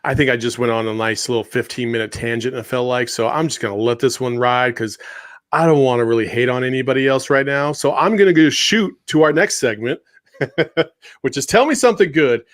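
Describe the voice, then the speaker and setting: A man's voice: mid-range voice, brisk. A man hosting a podcast, talking in a laid-back way and laughing easily. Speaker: podcast host. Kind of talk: casual chat.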